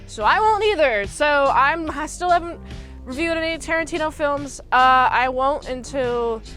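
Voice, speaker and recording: Young woman w a high voice doing a rambly movie recap, lots of "like", faint music behind. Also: animated, normal speed, a bit bright. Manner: rambling, filler-heavy, slips into goofy character impressions. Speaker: movie reviewer.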